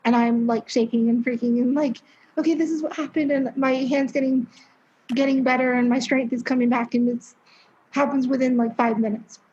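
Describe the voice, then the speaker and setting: A woman's voice: high voice, fairly even intonation, moderate pace, a little mellow. A young woman in her twenties telling her story as a podcast guest, chatty and candid, with lots of fillers and some swearing. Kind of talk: casual interview storytelling. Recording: dull lo-fi sound.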